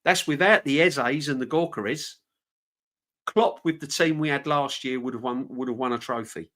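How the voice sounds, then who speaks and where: A man's voice: mid-range voice, normal speed, bright, forceful tone. Fuming man ranting on a live stream. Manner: passionate, fuming, repetitive. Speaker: fan channel host.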